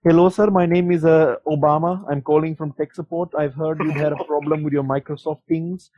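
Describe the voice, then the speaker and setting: A man's voice: a little high, steady tone, brisk, warm tone, dry recording, voice pushed up, close to an everyday voice. A man putting on a stiffly polite phone scammer. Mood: mock formal. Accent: put-on Indian accent. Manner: stiff formal phrasing, hesitant fillers. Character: pushy male phone scammer, adult, overly polite. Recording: dull lo-fi sound.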